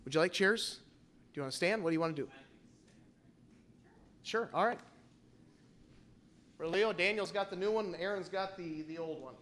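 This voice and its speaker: High, bright-toned male pastor, playful and teasing, leading a church service. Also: moderate pace, long pauses. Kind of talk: church service, Bible trivia and introduction.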